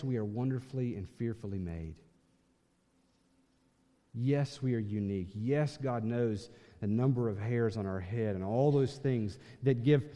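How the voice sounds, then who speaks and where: A man preaching a sermon as pastor, emphatic, swinging from loud passages to hushed ones. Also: a little high, big-room sound.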